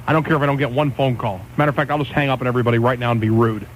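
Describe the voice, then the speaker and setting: A man's voice: medium pitch, steady tone, very fast, hardly any pauses, a little hiss or hum, rough recording. A man hosting a talk radio show, ranting and rambling in casual banter. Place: radio studio.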